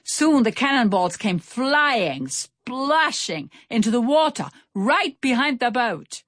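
A woman reading a children's storybook aloud in an expressive, animated way. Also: on the high side, slow pace, no echo, studio quality. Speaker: narrator. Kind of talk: storybook narration.

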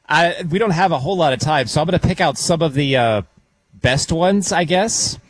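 A man's voice: on the high side, expressive, normal speed, no room sound, low-quality recording. A man co-hosting a talk radio show, reading out a report while holding back laughter. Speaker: radio co-host.

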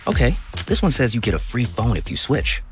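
A man's voice: medium pitch, sing-song, fairly quick, faint music behind. A man acting in a comedic radio ad skit, amused and conversational.

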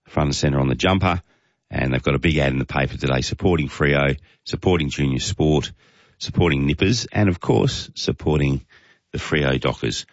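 A man's voice: a bass voice, normal speed, no echo, lo-fi sound. A man with an Australian accent hosting casual talkback radio, chatting and reading out listener texts with chuckles. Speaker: talk radio host.

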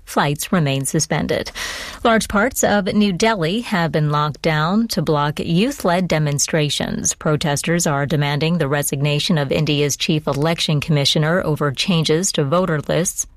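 A woman newscaster reads the headlines in a measured, formal way. Her voice sits very low, and the studio sound is dry and close. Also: no room sound. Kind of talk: news headlines reading. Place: radio studio. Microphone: studio microphone.

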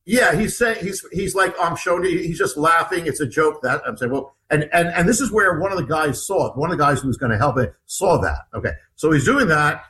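Giving an interview, a male author recounts an ordeal in vivid detail, acting out what others said and often restarting and repeating himself. His voice is fairly high, animated and sharp, moving fairly quickly with hardly any pauses. The audio is poor.

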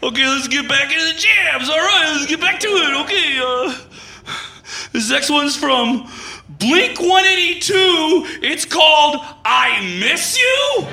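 A man playing a heartbroken male radio DJ who is shouting through tearful laughter on air. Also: extremely high pitch, animated, unhurried, vocal fry, background noise, pitched above the performer's own voice, full character voice. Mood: frantic. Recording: echoey room with loud ambience.

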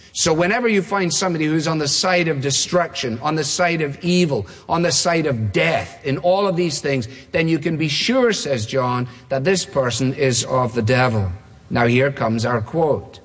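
A man preaching an expository sermon, stressing his points through repetition and slowing down for emphasis. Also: fairly high pitch. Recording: long reverb of a large hall.

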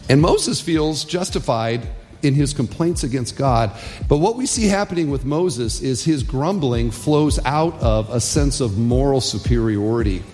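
A male pastor preaching a sermon in an animated way, asking rhetorical questions and acting out quotes. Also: mid-range voice, unhurried, long reverb tail, soft background music.

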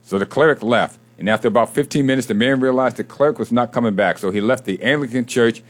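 A male co-host telling a joke and reading sports history in a playful, storytelling manner. His voice sits in an ordinary middle pitch, and his talk stays casual. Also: fast talker. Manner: storytelling, playful, reads stats.

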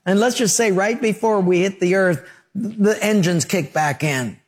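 Earnest preaching man, higher-pitched. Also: a little slow. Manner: earnest, storytelling, emphatic repetition. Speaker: pastor. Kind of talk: radio sermon.

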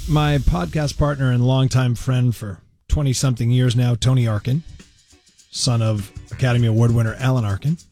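A man's voice: mid-range voice, moderate pace, soft background music. A man from Massachusetts co-hosting a morning radio show, telling stories in casual, jokey banter. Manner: storytelling, animated, jokey.

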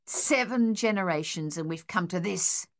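A woman voicing a harsh, furious, domineering older husband who shouts and blusters, in an audiobook. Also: sits high, normal speed. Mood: bitter muttering.

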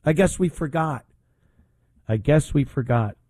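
A man hosting talk radio in a studio, blunt and indignant as he rambles through his opinions with plenty of fillers. His voice sits a bit high but sounds mellow and dark, and the sound is close and dry. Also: measured pace, no room sound.

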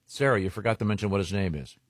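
A man hosting morning radio, reading listener letters with halting, joking delivery full of uhs. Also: lowish voice, no echo, clean studio sound. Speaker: radio show host.

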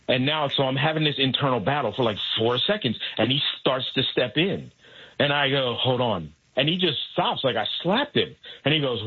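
A man telling a caddying story in casual chat, animated and acting out voices in his anecdote. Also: medium pitch, a little fast, husky, phone-quality sound. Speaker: guest, golf caddy and comedian.

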